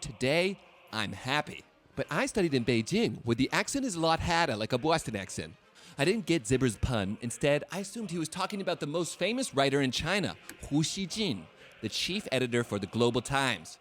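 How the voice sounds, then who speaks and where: A man's voice: on the high side, very animated, a little fast, fairly bright tone. A man in his late twenties giving a wry, sarcastic scripted narration as a video host. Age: late 20s.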